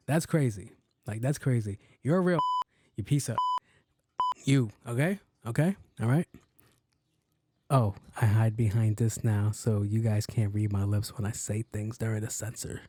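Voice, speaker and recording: A man's voice: mid-range voice, warm tone, no room sound, studio quality. A young man, hosting a podcast and telling profane, joking stories in a casual style. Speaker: podcast host. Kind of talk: casual storytelling.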